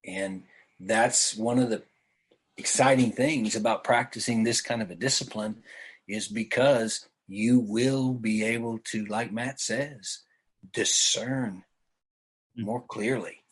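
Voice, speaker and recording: A man's voice: mid-range voice, takes it slowly, slightly rough, low-quality recording. A man on a church teaching team, speaking earnestly and emphatically on a video call. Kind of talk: casual discussion on a video call.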